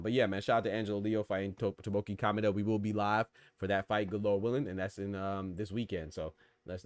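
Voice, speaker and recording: Fast-talking man hosting a boxing podcast. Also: lowish voice, no echo. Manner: rapid, conversational, slangy, shouting out chatters. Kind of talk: casual solo commentary reading live chat.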